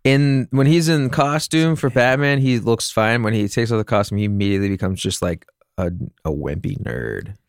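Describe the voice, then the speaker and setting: A man's voice: mid-range voice, moderate pace, clear, resonant tone, no echo, clean studio sound. A man co-hosting a podcast, chatting animatedly about films with laughs. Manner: animated, laughing film talk. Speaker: podcast co-host. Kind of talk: casual chat.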